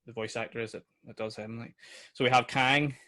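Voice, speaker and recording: A man's voice: medium pitch, fairly even intonation, a little fast, pushed and bright. A man, co-hosting a casual film review chat that rambles, with restarts and the odd swear word. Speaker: podcast co-host.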